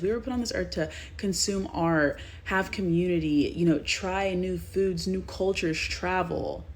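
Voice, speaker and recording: A woman in her twenties from Texas, speaking earnestly and directly to her viewers in a vlog monologue. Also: fairly low pitch. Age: 20s.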